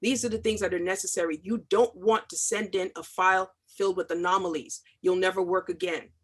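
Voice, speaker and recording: A woman's voice: on the low side, fairly even intonation, brisk, husky. A middle-aged woman, a comics artist, talking in an interview with impassioned, emphatic stress and repeated phrases. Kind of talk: video call interview.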